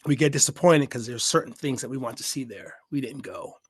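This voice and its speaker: A man's voice: medium pitch, animated, breathy edge, dry recording. Emphatic man in a dry room. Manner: emphatic, repeats words for effect, pauses to collect thoughts. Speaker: travel podcaster. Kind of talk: unscripted travel reflection.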